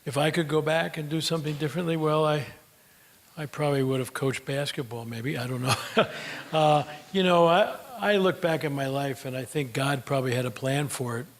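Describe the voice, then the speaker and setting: A man's voice: on the high side, brisk. Folksy older man telling stories. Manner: folksy storyteller with fillers. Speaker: speaker. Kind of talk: motivational talk with Q&A.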